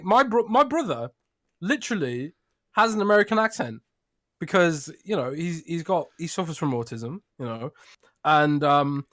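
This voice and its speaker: British man, podcast co-host, lively up-and-down voice, teasing, dry close mic. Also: sits high, no echo. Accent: British English. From Britain. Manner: laid-back, teasing, laughs often. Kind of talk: casual podcast chat.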